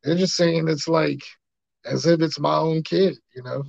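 A man's voice: on the high side, steady tone, measured pace, creaky, a little mellow, dry recording. A man hosting a podcast in casual, slangy banter with a guest. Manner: laid-back slangy banter. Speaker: podcast host. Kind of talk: casual chat. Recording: dull lo-fi sound.

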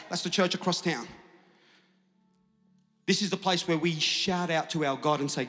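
A man's voice: on the high side, moderate pace, pauses often, sharp tone, faint music behind. A man preaching to his church with great energy, often acting out the doubting listener in an exaggerated voice. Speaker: pastor. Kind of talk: sermon. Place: large church hall. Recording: long hall reverb.

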